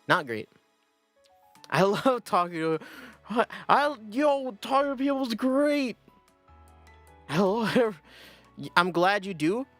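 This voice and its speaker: A man's voice: high voice, very animated, slow pace, pauses often, fairly bright tone, faint music behind. A young man chatting casually on a livestream, rambling and self-deprecating, often breaking into laughter. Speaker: streamer.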